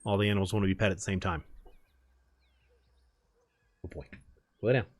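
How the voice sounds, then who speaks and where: Low-voiced man chatting while gaming. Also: fairly even intonation, fairly quick, slight background noise. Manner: rambling, chatty storytelling. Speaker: gaming streamer. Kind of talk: casual chat while gaming.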